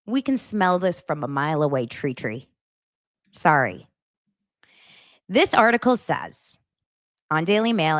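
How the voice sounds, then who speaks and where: A woman's voice: low voice, no echo, studio quality. A woman hosting a casual celebrity gossip show, chatty and sarcastic, often laughing. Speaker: host.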